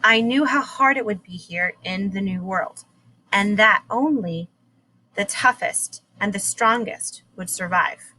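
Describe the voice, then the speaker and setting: A badly wounded colonial captain from a storybook, as a woman reads his lines, speaking slowly and quietly in a low, worn voice. His pitch sits at a middling level. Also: a little hiss or hum, poor audio. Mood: weary.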